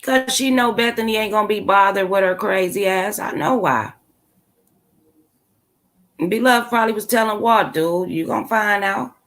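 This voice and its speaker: A woman hosts her own channel, chatting casually with live viewers in a blunt, opinionated, sassy style full of slang. Her voice is medium-pitched and a bit bright, at a normal speed with long pauses.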